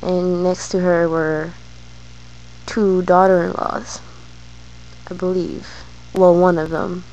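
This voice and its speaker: Slow-spoken woman with a gravelly voice. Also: fairly low pitch, level tone, darkish tone, dull audio. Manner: slow, hesitant, many fillers and restarts. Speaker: vlogger. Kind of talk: personal storytelling to camera.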